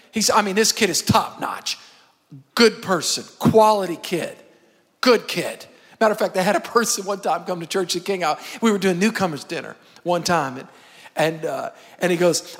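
Male pastor, sermon, high voice, call-and-response, reverberant church hall. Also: moderate pace. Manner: animated preaching with call-and-response. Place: church sanctuary.

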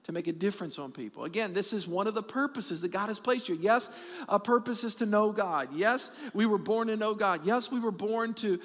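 Man, middle-aged, pastor, lively sermon, repeats lines for emphasis, high voice, long reverb. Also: fairly quick. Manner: animated, repeats for emphasis, jokes with the congregation.

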